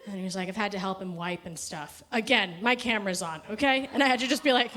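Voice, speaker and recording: A woman's voice: medium pitch, quick pace, hardly any pauses, sharp tone. A young woman doing stand-up into a stage mic, chatty and freely profane. She rants in a loose, run-on way and keeps breaking into laughter at her own lines. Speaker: stand-up comedian. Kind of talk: stand-up set. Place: comedy festival stage.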